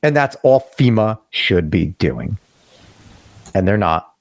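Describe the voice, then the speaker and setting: A man co-hosts a casual opinion podcast over a video call, ranting emphatically with swearing and sudden rising outbursts. His voice is fairly low, sing-song and slow, with vocal fry and no echo.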